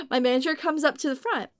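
A young woman casually telling a story in animated, profane bursts, acting out the voices she quotes. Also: high voice, no echo, clean studio sound. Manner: animated, swearing, acts out quotes. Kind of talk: casual chat.

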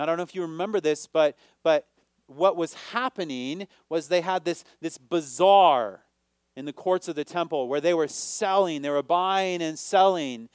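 A man preaching a sermon, asking his listeners questions and rising to near shouts on key points. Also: a little high, no echo, clean studio sound. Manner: asks the audience questions.

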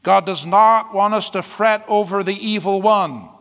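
A man's voice: high-pitched, measured pace, fairly bright tone, in a large hall. A man preaching a sermon as pastor, reading scripture aloud and breaking into whoops and laughter. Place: church.

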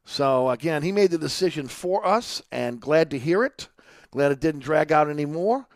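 A man's voice: on the high side, expressive, normal speed, dry recording. Guy hosting sports talk radio, rambles with lots of uh's, dry close studio mic. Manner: rambling, leans on "uh" and "again". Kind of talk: radio talk show with live ad reads. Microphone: studio microphone.

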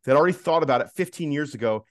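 A man's voice: a little high, animated, very fast, dry recording, clean studio sound. A man co-hosting a casual podcast chat, rambling and teasing with many restarts. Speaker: podcast co-host.

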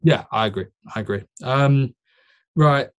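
A man's voice: medium pitch, a little slow, clear, resonant tone, lo-fi sound. A young man hosting a podcast and coaching bodybuilders, chatting casually with rambling, joking banter and many fillers. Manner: self-mocking banter. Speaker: podcast host and physique coach.

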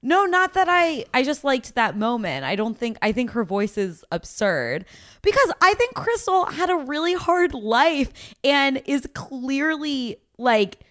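Woman co-host, chatty and giggly, lively pitch, dry close sound. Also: no echo. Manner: giggly, chatty, lots of "like" fillers. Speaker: podcast co-host. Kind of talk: casual chat recapping a reality dating show.

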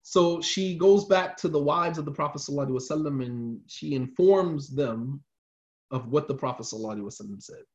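A man's voice: a little high, quick pace, highs cut off. A man telling a religious story in a casual, slangy lecture style, repeating lines for emphasis.

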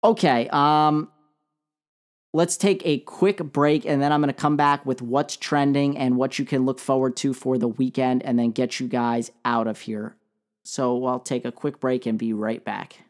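A man's voice: mid-range voice, fairly even intonation, unhurried. A man hosting a solo sports talk show, talking casually with fillers and dry sarcasm.

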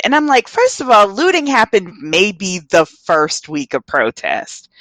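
A woman's voice: medium pitch, unhurried, few pauses, no echo, poor audio. A woman co-hosting a casual chat, telling stories with lots of laughter and acted-out quotes. Her voice sits in a middle range. The sound is dry and close, with little room around it. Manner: animated storyteller, laughs often, acts out quotes.

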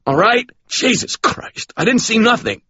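A man's voice: very high voice, very animated, unhurried, pushed and bright, husky, dull audio, pitched above the performer's own voice, heavily acted. Man putting on a panting, panicked brute. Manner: growling, panting protests. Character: brutish hulking male building manager, panting, mean.

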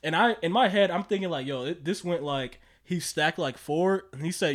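A young man co-hosting a casual podcast chat, animated and profane, laughing often. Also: on the high side, normal speed. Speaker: podcast co-host.

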